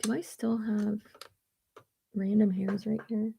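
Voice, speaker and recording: A woman's voice: mid-range voice, flat delivery, slow, creaky, warm tone, breathy edge. A woman chatting casually on a livestream while getting ready, blunt and sarcastic, swearing freely as she talks. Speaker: beauty YouTuber. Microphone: streaming setup at home.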